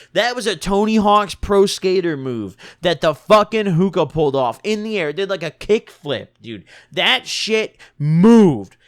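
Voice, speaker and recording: A young man telling a storytime vlog in an animated, slangy and profane manner. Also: high-pitched. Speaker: vlogger.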